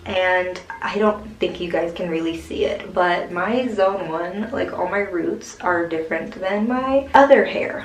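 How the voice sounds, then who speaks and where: A woman's voice: medium pitch, slight background noise. A young woman casually explaining how she dyes her own hair, rambling with many fillers. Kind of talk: casual home tutorial. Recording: echoey room from far off.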